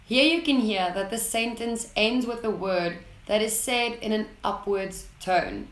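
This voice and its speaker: A woman narrating an English lesson in a slow, deliberate way, reading out example sentences with clear enunciation. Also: on the high side, fairly bright tone, echoey room. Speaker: English teacher.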